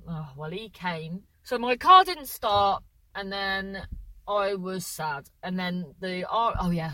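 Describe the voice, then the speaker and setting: A woman's voice: fairly low pitch, pushed and bright, no echo, poor audio. A woman co-hosting a podcast from a parked car, chatting in a rambling, self-mocking way while congested with a runny nose. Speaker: podcast co-host. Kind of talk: casual chat.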